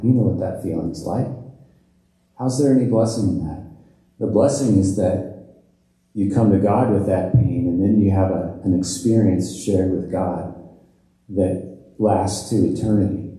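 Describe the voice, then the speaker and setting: Middle-aged man pastor preaching, mellow easygoing voice, really echoey church room. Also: sits low. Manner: conversational, chuckles at his own jokes. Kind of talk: sermon. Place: church sanctuary.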